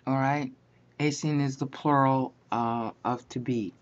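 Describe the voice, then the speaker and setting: A woman's voice: rumbling low, steady tone, measured pace. A woman teaching a Bible lesson, explaining grammar point by point and often checking in with "all right?". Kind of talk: slow explanatory lecture. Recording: dull lo-fi sound.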